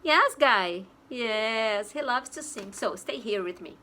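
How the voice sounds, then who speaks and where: Female teacher for kids, very slow, bright voice, playful animal noises. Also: on the high side, expressive, a little hiss or hum. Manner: slow, exaggerated, imitates animal sounds. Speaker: English teacher for young children. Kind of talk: online lesson for children.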